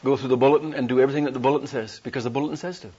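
A man preaching a sermon as a traveling evangelist, telling animated stories with folksy humor. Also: mid-range voice, racing, slightly rough. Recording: dull lo-fi recording.

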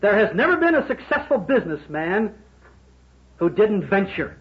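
A man preaching a sermon to businessmen, emphatic, with rhetorical questions and sudden swings between loud and quiet. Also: sits high, big pitch swings, normal speed. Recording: dull lo-fi sermon recording.

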